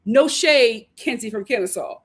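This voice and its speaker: Chatty woman host doing a show recap, kinda high voice, acts out quotes and laughs a lot. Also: expressive, moderate pace. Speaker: host reviewing a reality show. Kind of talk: casual live show recap.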